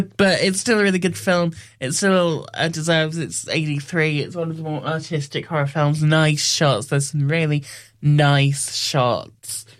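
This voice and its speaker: A man giving a casual spoken film review, rambling and wry, often correcting himself mid-sentence. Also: fairly high pitch.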